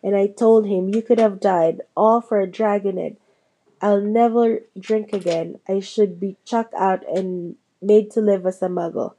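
A woman reading as a huge, soft-hearted bearded man. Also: mid-range voice, fairly even intonation, unhurried, lightly acted, poor audio. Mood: remorseful.

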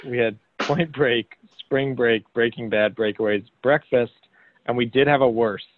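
A man's voice: mid-range voice, measured pace, no echo. A man co-hosting a podcast, running through the list and dropping brief dry remarks in casual chat. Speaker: podcast co-host. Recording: tinny phone-like line.

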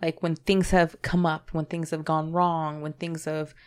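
A woman co-hosting a podcast, talking in a halting, self-doubting way and swearing casually. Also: deep voice, level tone, clear, resonant tone. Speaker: podcast co-host. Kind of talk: candid conversational podcast talk.

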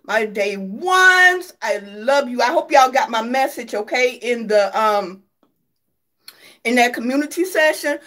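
Sassy high-voiced woman vlogger. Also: expressive, unhurried, pushed and bright. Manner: sassy and laughing, calls viewers honey and baby. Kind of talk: casual gossip commentary.

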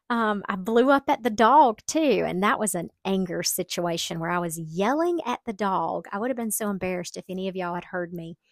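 A woman's voice: medium pitch, lively intonation, normal speed, no room sound. A middle-aged woman, hosting a solo podcast and chatting candidly with self-deprecating humor. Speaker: podcast host. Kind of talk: casual solo podcast talk.

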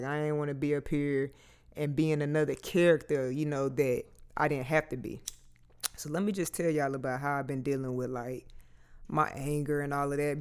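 Casting note: frank man, thirties, slightly higher voice, very clear and smooth, casual vlog delivery. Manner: casual, frank, swears freely. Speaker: vlogger. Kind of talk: candid personal talk to camera.

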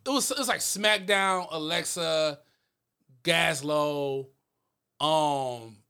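A young man talks in loose, slangy podcast chat, circling back through fillers and asides. His voice sits high and bright. He sounds animated and easygoing. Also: takes it slowly, creaky, clear, resonant tone. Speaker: podcast co-host. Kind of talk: casual chat.

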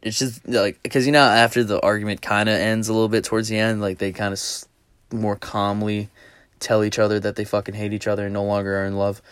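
Man, podcast host, casual storytelling, swears a lot, slightly low voice, dry close sound. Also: little pitch movement, brisk, a bit bright, clear, resonant tone, no echo. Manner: rambling, profane, amused.

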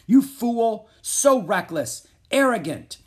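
A man voicing an angry, harsh middle-aged king who shouts at his son. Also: high-pitched, big pitch swings, slow pace, pitched above the performer's own voice, heavily acted. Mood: furious.

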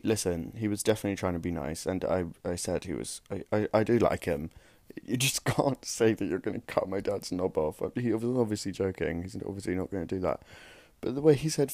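A man's voice: sits low, dark tone, dry recording. Tired young man rambling on a podcast. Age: young adult. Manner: rambling, self-mocking, tired. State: exhausted. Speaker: podcast host. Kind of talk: casual solo podcast chat.

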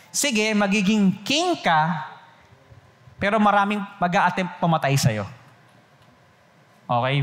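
A man with a Filipino accent preaches in mixed Tagalog and English in a large hall, his voice a little high. He checks in with the group after nearly every phrase with constant questions and repeats himself.

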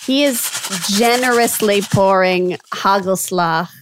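A woman's voice: medium pitch, slow pace, background noise. A woman from America, hosting a casual podcast chat in a chatty, teasing way and laughing often. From North America. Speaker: podcast host.

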